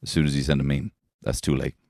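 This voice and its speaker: An Irish man in his thirties, a comedian hosting a podcast from his shed, rambling and swearing while high on weed. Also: steady tone, fast talker, darkish tone, no echo, clean studio sound. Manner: rambling, swearing, laughing at his own jokes. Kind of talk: rambling comic monologue. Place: garden shed.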